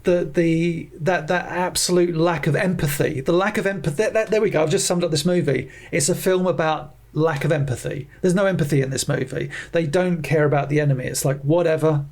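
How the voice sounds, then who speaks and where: A man's voice: fairly high pitch, brisk, hardly any pauses. A man co-hosting a film podcast, chatting casually and acting out the attitudes he describes. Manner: animated, mimics attitudes in quotes, many restarts. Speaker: podcast co-host. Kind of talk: casual film review chat.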